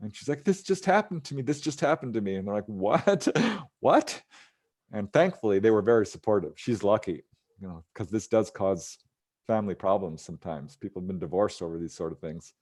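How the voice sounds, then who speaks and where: A man with a fairly low, darkish voice speaks a little fast. He's a ufologist guest in a casual interview, recounting a case, acting out the people he quotes and chuckling along the way.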